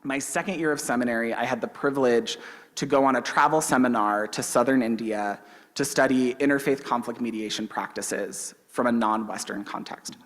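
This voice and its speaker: A young man minister tells a personal story from the pulpit in an easy, conversational way, with flashes of humor. His voice sits at an ordinary middle pitch. Long reverb from the sanctuary trails each phrase. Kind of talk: storytelling sermon. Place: church sanctuary.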